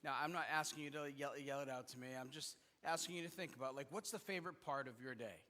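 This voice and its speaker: A man's voice: a little high, fast, bright, forceful tone. A male pastor preaching a sermon in a conversational, joking manner, with fillers and restarts. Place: church sanctuary. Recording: long reverb in a church hall.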